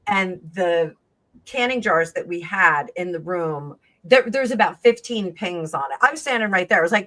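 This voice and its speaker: A woman telling a long personal story in casual chat, rambling and animated, acting out the voices of the people in it. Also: fairly low pitch, normal speed. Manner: rambling, animated, acts out quoted dialogue. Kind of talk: casual storytelling on a live stream.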